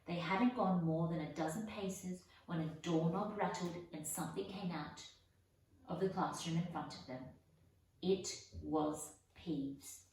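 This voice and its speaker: A woman reads a storybook aloud in a measured, unhurried manner. Her voice sits a little low, and she sounds far from the mic, with a heavy echo around her. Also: darkish tone, slight background noise. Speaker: audiobook reader. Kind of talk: storybook narration. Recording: echoey room, voice from far off.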